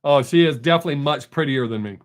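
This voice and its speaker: A middle-aged man hosts a live stream, talking fast in a slightly high voice. He chats casually with viewers, rambling loosely, swearing, and frequently restarting his sentences.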